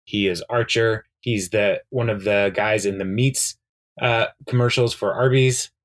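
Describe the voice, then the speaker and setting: With a lowish, steady voice and an unhurried pace, this man co-hosts a podcast and chats casually through a TV episode recap. He rambles, leans on plenty of fillers, and quotes the characters as he walks through scenes.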